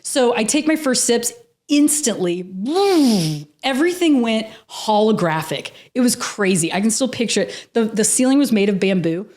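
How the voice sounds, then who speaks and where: A woman guest on a podcast interview, telling a personal story in a lively, casual way, laughing often and swearing freely. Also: a little high, moderate pace.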